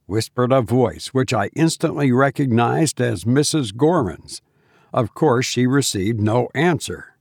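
A man reading a ghost story aloud in a measured, low-key storytelling manner. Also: dry recording, clean studio sound. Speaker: narrator.

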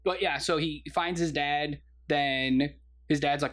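A man's voice: on the high side, normal speed, fairly bright tone. A man co-hosting a casual movie review chat, eager and laughing often as he acts out lines from the film. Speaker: podcast co-host.

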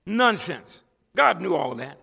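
A man's voice: high voice, sing-song, slow pace, gravelly, pushed and bright, slightly rough, big-room sound. A male pastor preaching a sermon to his church, emphatic and conversational, often stumbling and restarting words. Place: church sanctuary with a congregation.

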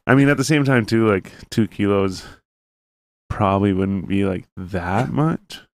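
A man's voice: lowish voice, measured pace, no echo. A young man in casual chat, rambling with many fillers and curse words.

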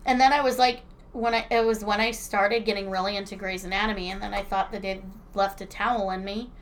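With a medium-pitched voice and a fairly quick delivery, this thirty-something podcast co-host reads listener letters and chats loosely. Her storytelling is lively, full of frequent laughter and unfiltered swearing.

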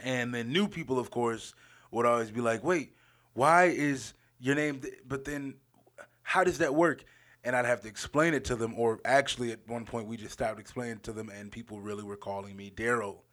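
A man's voice: mid-range voice, moderate pace, fairly bright tone. A young man hosting his own podcast, telling a story in a casual, rambling way, repeating phrases and laughing often. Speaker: podcast host.

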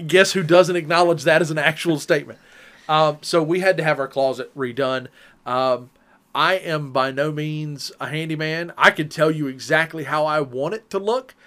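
A man co-hosting a casual chat, telling stories in an animated, teasing way. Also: fairly high pitch, normal speed. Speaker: podcast co-host.

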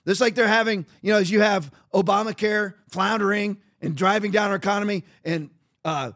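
A man's voice: high-pitched, brisk, a bit bright. A middle-aged man hosting a podcast, delivering emphatic, repetitive, sarcastic political commentary. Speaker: podcast host.

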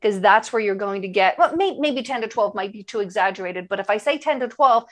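A woman's voice: mid-range voice, lively intonation, a little fast, a bit bright. A woman nutrition coach speaking in a podcast interview, enthusiastic and emphatic, repeating her key phrases for effect.

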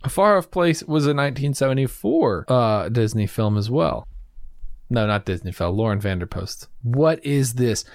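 Male podcast host, mid-low pitch, wry list reader, dry close sound. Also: animated, normal speed, no room sound. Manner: wry, reads out lists, laughs often. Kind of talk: casual chat.

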